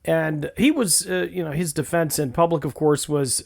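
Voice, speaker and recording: Gravelly-voiced man hosting a podcast. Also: a little high, moderate pace, hardly any pauses. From Western New York. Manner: conversational, storytelling, asks questions. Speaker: podcast host. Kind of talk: podcast discussion.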